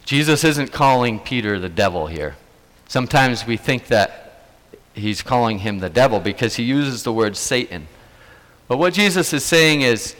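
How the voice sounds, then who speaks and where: A man's voice: medium pitch, expressive, normal speed, a bit bright, long reverb tail. A man preaching a sermon, retelling events earnestly and emphatically, repeating key phrases for weight.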